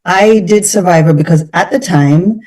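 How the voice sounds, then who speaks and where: Mellow-voiced Jamaican woman, off-mic. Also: on the low side. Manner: thoughtful, measured, with restarts. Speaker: guest actress. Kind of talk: radio interview. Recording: distant from the microphone.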